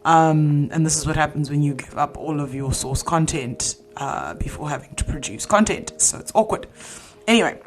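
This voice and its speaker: A woman's voice: sits low, normal speed. A young woman hosting her own podcast, chatting casually and rambling with self-interruptions. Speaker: podcast host. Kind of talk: casual solo podcast chat.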